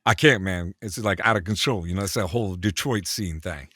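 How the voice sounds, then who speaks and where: Man from Canada, voice actor guest, animated raconteur, forceful tone, dead-dry close mic. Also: low-pitched, fairly quick, no room sound. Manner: animated storyteller, acts out quotes. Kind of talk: casual anecdotal chat.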